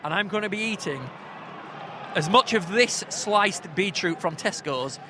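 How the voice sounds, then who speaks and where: A man's voice: high-pitched, expressive, a little slow, noisy background. A man co-hosting a podcast, bantering and teasing his co-host in casual chat. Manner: joking, teasing.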